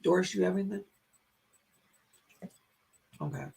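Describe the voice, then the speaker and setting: A man hosting a psychic live stream in a raspy, strained voice, relaying spirit messages in short, halting phrases. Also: sits high, darkish tone. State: strained, hoarse voice. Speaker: psychic medium host. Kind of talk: live-stream chat and readings. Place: home in a rural area.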